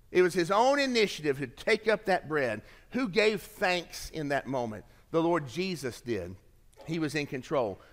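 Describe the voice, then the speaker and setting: A man preaching a sermon as pastor, swinging from emphatic lines to hushed, low endings. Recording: long reverb of a large hall.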